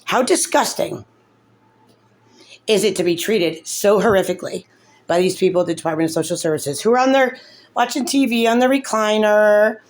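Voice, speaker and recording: A woman's voice: medium pitch, moderate pace. A woman, a mother, talking through her grievances in an upset, rambling way, tearful and full of fillers. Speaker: mother in a custody case. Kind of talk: emotional vlog commentary.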